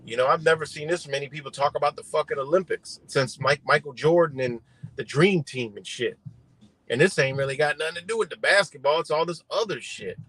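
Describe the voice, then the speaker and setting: A man's voice: on the high side, a little fast, a bit bright, low-quality recording. A man doing a rambling, profane political rant on a livestream, talking outdoors beside a road. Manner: heated, rambling, heavy swearing. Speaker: livestream host.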